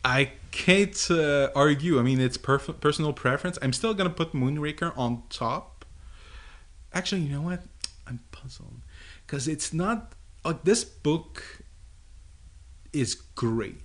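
A man co-hosting a podcast in casual chat, halting, with many fillers and restarts. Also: on the high side, animated, a bit bright. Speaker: podcast co-host.

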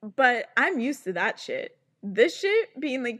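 Young woman podcast host, slightly high, unhurried delivery, sarcastic and fed up. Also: big pitch swings, a bit bright. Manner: exasperated, sarcastic, swears a lot. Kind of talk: casual podcast rant.

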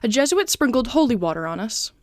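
A woman's voice: a little high, very animated, brisk, dry recording, studio quality. A woman reading aloud, voicing a proud young German Jesuit colonel in a heightened, exclaiming way. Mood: grave. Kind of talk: storybook reading.

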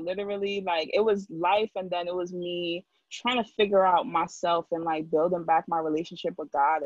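A woman's voice: on the low side, a little mellow, no room sound, highs cut off. A young woman talking in a casual chat, filling her speech with "like" as she tells her story. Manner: talkative, heavy use of "like". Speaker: guest.

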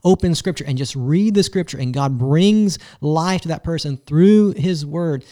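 A man with a fairly high voice co-hosts a talk. He makes his teaching points in a measured, emphatic way and repeats his key lines. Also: warm tone. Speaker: co-host. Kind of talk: teaching in conversation.

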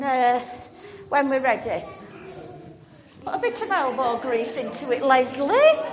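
In a church hall, a woman leads an all-age church talk, encouraging the children and calling them by name. Her high-pitched voice is fairly bright, and the hall is reverberant with faint music.

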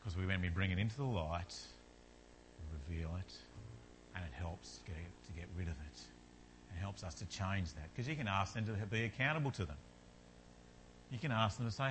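A man's voice: deep voice, moderate pace, long pauses, slight background noise. A man preaching a sermon in an earnest manner, building to fervent repetition.

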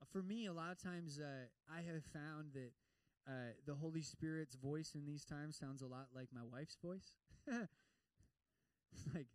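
A male pastor giving a lively sermon, acting out prayers in other voices and slipping in humor. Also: a little high, unhurried, no echo, distant mic, poor audio.

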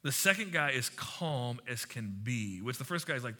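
A man's voice: medium pitch, moderate pace. A man in his thirties preaching a sermon as pastor, talking conversationally and acting out the people in his stories. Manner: conversational and animated, with acted-out quotes and asides.

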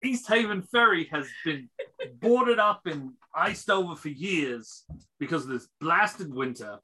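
A game master voicing a rugged middle-aged male innkeeper who stalls and calls people "mate", slow and bright-toned. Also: medium pitch, lively intonation, slightly rough, heavily acted, poor audio. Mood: evasive. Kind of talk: tabletop role-play voice.

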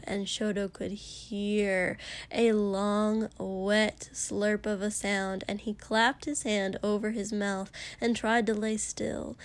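A woman narrating fiction in a soft, hushed voice, often near a whisper. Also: mid-range voice. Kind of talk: audiobook reading of fiction.

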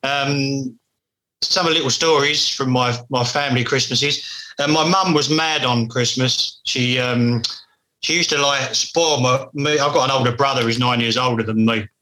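A man's voice: mid-range voice, steady tone, unhurried, bright, forceful tone, low-quality recording. A middle-aged British man co-hosting a podcast, chatting in a laid-back, rambling way with lots of ums. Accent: British English. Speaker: podcast co-host. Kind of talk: casual chat.

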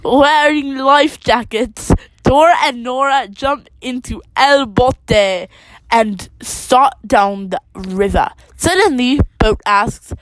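A woman reading a children's storybook aloud, slowly and carefully, with small restarts. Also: sits high, poor audio. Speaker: reader.

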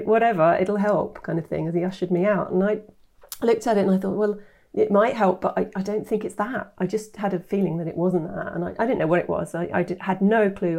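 A woman in her fifties, a nutritionist guest telling her story in an animated way, acting out quoted voices. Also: medium pitch. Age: 50s. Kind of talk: interview storytelling.

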